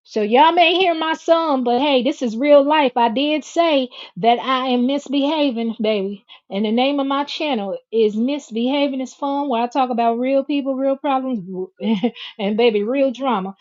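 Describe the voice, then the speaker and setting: Sassy high-voiced woman. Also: a little mellow. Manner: sassy, drawn-out and chatty, says "baby" and "y'all" a lot. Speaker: livestream host reading chat. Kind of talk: casual livestream chat. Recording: dull lo-fi home stream audio.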